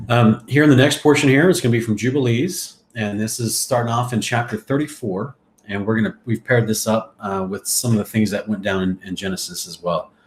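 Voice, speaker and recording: A man's voice: on the low side, fairly even intonation, a little fast, reverberant, slight background noise. A man hosting a Bible study, reading scripture aloud and adding chatty, jokey asides. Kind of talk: casual scripture reading and commentary.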